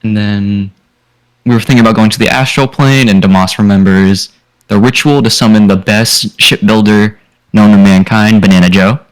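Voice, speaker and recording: A man with a very low, deep voice recaps the last session of a tabletop game for the group. He talks in a loose, casual way and drops in fillers as he goes. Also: normal speed, rough recording. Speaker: player.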